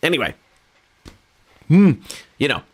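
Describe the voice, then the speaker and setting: Faint guitar plays as this Californian musician hosts a casual home livestream. His voice sits a little high with wildly swooping pitch, measured pace, and a slightly rough, a little mellow tone. He rambles earnestly, mocks himself, and restarts often.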